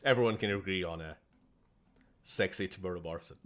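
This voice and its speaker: A man's voice: low-pitched, a little fast, fairly bright tone. A Welsh man giving casual, jokey commentary while streaming a game, laughing often. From Wales.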